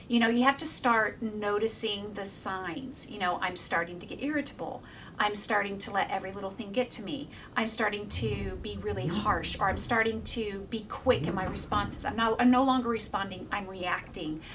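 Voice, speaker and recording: Animated woman teaching faith, slightly distant. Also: a little high, slight background noise. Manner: animated, laughs often, drops to a whisper for emphasis. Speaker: Christian video teacher. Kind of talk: casual faith teaching to camera.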